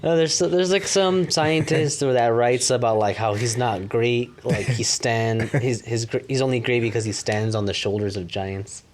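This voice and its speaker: A man's voice: mid-range voice, steady tone, normal speed, slight background noise. A man co-hosting a casual podcast chat, rambling with lots of "like" and casual swearing. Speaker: podcast co-host.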